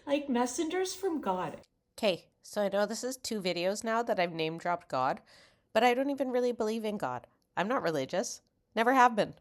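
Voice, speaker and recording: A young woman from Canada telling a travel story in a chatty vlog, swearing freely and acting out what people said. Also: fairly low pitch. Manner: chatty, swears freely, retells dialogue animatedly. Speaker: travel vlogger.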